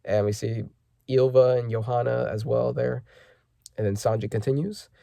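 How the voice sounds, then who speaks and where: A man's voice: medium pitch, moderate pace, vocal fry, warm tone, no echo, studio quality. A man hosting a casual manga chapter reaction, rambling with lots of fillers and self-corrections as he reads panels aloud.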